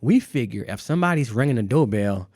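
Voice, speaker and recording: A man's voice: mid-range voice, lively intonation, fairly quick, a little mellow, dry recording, clean studio sound. A man telling a personal story in a casual conversation. He repeats phrases for emphasis and laughs now and then. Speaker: guest artist.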